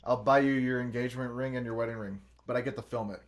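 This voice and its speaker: Podcast guy, mid pitch, animated storyteller, swears a lot, does the voices in his quotes. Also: fast talker. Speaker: podcast host. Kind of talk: casual podcast chat, storytelling.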